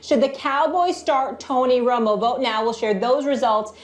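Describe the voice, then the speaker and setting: A woman hosting a sports show in a TV studio, announcing segments and welcoming viewers in a brisk, upbeat way. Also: a little high, echoey room. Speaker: TV show host.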